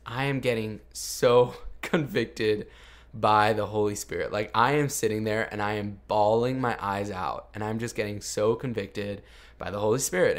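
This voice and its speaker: A young man hosting a podcast, telling a personal story in an earnest, confessional way with lots of "like". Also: on the low side. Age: young adult. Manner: earnest and confessional, heavy use of "like". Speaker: podcast host. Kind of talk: casual storytelling.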